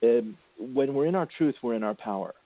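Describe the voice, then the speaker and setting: Over a tinny phone line with no echo, a man hosting a spiritual radio show talks a little fast in a mid-range voice with lively intonation. As a spiritual intuitive, he offers the caller gentle counseling, soothing and affectionate, addressing them as sweetie and darling.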